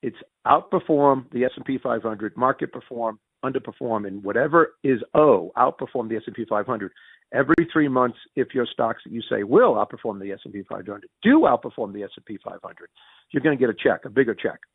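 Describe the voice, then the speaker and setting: Lively gravelly man with a Yankee accent. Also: a little fast, no room sound. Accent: Northern US Yankee. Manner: animated, acts out quoted dialogue with big pitch jumps; frequent restarts and repeated words. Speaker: interview guest. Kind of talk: storytelling in a conversational interview. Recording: tinny phone-like dry audio.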